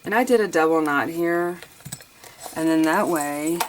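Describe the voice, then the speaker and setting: Woman host, low pitch, casual think-aloud crafting chat with a sniffle, clear background noise. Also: a little slow. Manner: chatty, thinks aloud while crafting, addresses viewers as you guys.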